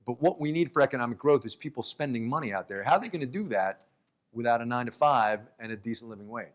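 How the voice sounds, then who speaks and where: A man, a radio host, interviewing a guest onstage at a live event with quick interjections and questions stretched out by fillers. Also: mid-range voice, animated. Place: downtown event hall with live audience.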